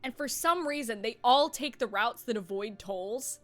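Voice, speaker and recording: A streamer who tells everyday stories in animated casual chat, swearing freely and laughing often. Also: female voice, fairly high pitch, moderate pace, faint music behind. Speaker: streamer host.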